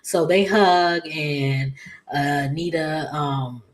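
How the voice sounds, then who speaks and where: Speaking slowly in a voice that sits low, a woman runs through a soap opera episode in a casual, rambling recap. Fillers and throat clears crop up throughout, and quoting the characters gets her animated.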